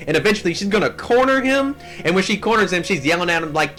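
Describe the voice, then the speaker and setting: Slangy young man recapping, higher voice. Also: fast talker, hardly any pauses, soft background music. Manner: slangy, animated, heavy on "like" and "yo". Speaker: anime channel host. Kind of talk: casual story recap.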